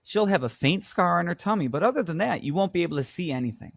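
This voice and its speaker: A patient vet who explains with reassurance in an exam recording. His voice is fairly high and very lively in pitch, recorded dry in a studio. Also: fast talker, vocal fry, no room sound, exaggerated voice. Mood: reassuring. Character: calm reassuring male vet. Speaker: vet in a scripted exam dialogue. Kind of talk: scripted exam role-play.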